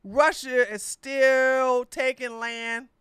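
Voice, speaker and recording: A woman hosting a political livestream, rambling and chatty as she talks to her viewers. Her voice sits a little high and sounds bright and forceful. It is recorded dry and close. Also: fairly even intonation, extremely slow, clean tone, no echo. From Georgia, USA. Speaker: podcast host. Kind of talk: casual political chat livestream.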